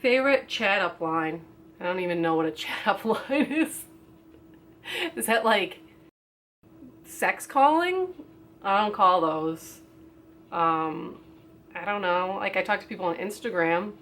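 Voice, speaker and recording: A woman's voice: medium pitch, lively intonation, a little slow, long pauses, a bit bright. A young woman vlogging a casual question-and-answer video, reading each question aloud and answering off the cuff with lots of fillers. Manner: rambling, with many fillers.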